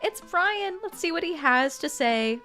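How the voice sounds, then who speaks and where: A woman's voice: very high-pitched, animated, unhurried, pushed and bright, soft background music. A young adult woman streaming a video game, chatting casually and playfully while reading the game's text aloud. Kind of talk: casual game playthrough commentary.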